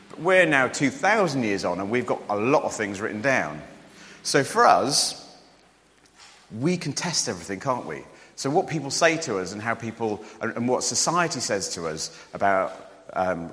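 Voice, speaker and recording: A man preaching a sermon in a casual, joking way, asking the listeners questions. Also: in a large hall. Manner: conversational and joking, with lively rises in pitch.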